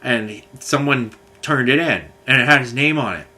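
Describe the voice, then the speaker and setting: A man's voice: mid-range voice, lively intonation, normal speed, pushed and bright. A man telling a long, angry, rambling story, swearing often. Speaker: vlogger. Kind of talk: ranting monologue.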